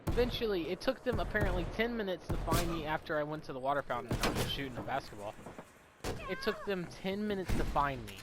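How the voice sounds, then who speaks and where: A young man telling a story in a casual, profane, animated way while gaming. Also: a little high, quick pace, very noisy. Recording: loud game gunfire underneath. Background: video game gunfire and voice lines.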